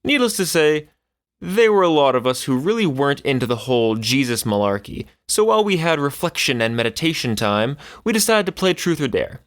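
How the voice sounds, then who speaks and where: A man narrating online stories aloud as a scripted reading. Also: brisk. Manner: animated storytelling with swinging pitch.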